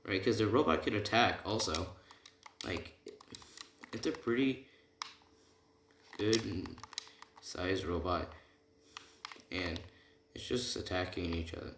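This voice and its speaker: Low-voiced and a bit bright, a man takes it slowly with long pauses while making up an anime fan scenario on the spot. His rambling is packed with "right?" and "like," and the home recording is roomy and noisy, with typing in the background.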